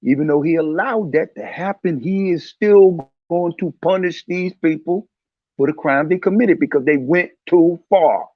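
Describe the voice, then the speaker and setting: A man's voice: on the high side, normal speed, no echo, lo-fi sound. A man hosting a casual religious commentary talk, speaking in a heated, preachy way and repeating his points.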